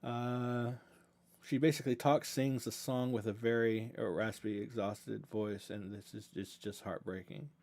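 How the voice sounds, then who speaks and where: A man's voice: lowish voice, fairly even intonation, unhurried, darkish tone. Rambling Southern US man on a livestream. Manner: rambling, self-correcting, earnest and grateful. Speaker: reaction channel host. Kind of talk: casual livestream Q&A chat.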